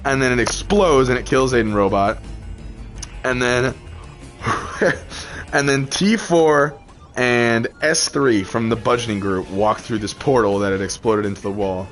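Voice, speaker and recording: A man's voice: mid-range voice, measured pace, faint music behind. A man chatting casually over gameplay, rambling through a story with lots of fillers and laughs. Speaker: gaming channel host.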